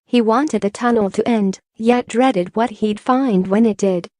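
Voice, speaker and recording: A woman reads an audiobook in measured, even storytelling narration. Her voice sits fairly high. The recording is dry and close, with no room sound. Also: no echo. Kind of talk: scripted narration.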